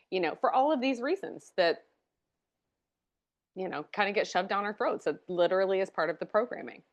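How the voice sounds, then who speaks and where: A woman on a podcast, affirming and building on the other speaker's points. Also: lowish voice. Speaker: podcast co-host. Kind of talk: supportive podcast conversation.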